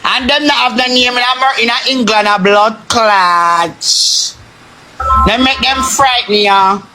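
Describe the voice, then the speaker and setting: Slow and high-sitting, a Jamaican-accented voice goes on a heated, repetitive, heavily profane rant over music. He's a social media live streamer broadcasting from his phone.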